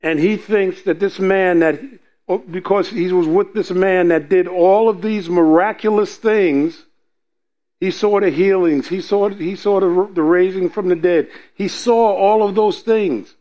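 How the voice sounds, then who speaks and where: A man's voice: high-pitched, unhurried, dark tone. A man preaching a sermon in an earnest way, driving points home with repetition. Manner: earnest, repetitive emphasis, acts out quoted voices.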